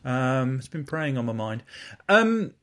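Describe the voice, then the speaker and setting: A man's voice: medium pitch, sing-song, a little slow, a bit bright. A man co-hosting a podcast, chatting casually and reading out listener messages. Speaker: podcast co-host. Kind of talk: casual chat.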